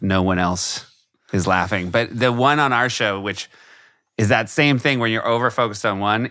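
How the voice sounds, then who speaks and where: A man's voice: fairly low pitch, a bit bright, smooth, no room sound, clean studio sound. A man in his fifties hosting a podcast, asking friendly questions and laughing easily. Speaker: podcast host. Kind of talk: casual podcast chat.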